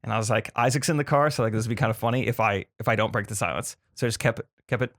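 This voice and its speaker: A man co-hosting a casual podcast, telling a story with a dry, deadpan delivery. His voice sits at an ordinary middle pitch, and he lets the jokes land without pushing them. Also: racing. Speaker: podcast co-host. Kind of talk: casual chat.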